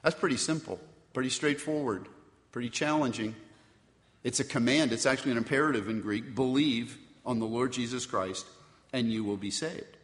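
Pastor preaching in a reverberant hall. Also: male voice, mid-range voice, normal speed. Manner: conversational preaching with rhetorical questions. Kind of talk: sermon. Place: church sanctuary.

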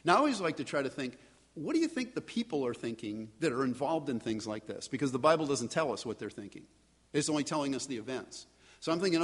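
A man preaching a sermon in a relaxed, conversational way, now and then acting out the voices of the people in the story. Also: medium pitch, fast, husky. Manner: conversational, animated, acts out voices of biblical figures. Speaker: pastor. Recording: long hall reverb.

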